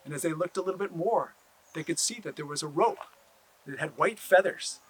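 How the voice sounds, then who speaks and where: A man telling a traditional story aloud, animated, with drawn-out repeated phrases. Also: fairly high pitch, husky, low-quality recording. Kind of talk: oral storytelling.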